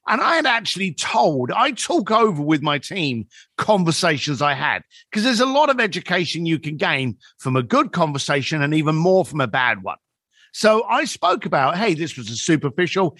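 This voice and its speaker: A man talking as a podcast guest, spinning a story and voicing the people in it. His voice sits fairly high and moves a lot in pitch. The recording is close and dry. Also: no echo. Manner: animated storyteller who acts out quoted dialogue.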